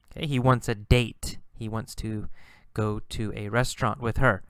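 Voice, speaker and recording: A man's voice: medium pitch, steady tone, moderate pace, hardly any pauses, a bit bright, smooth, dry recording, clean studio sound. A man teaching English, patiently explaining words and repeating simple example sentences. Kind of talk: slow, repetitive lesson narration.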